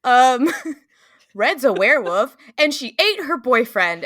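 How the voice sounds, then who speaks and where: A woman on a casual recap podcast with a bright, forward tone. She reacts to the episode in animated bursts, swearing freely and reading out the notes she jotted down while watching. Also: high voice, slow pace. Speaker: podcast co-host.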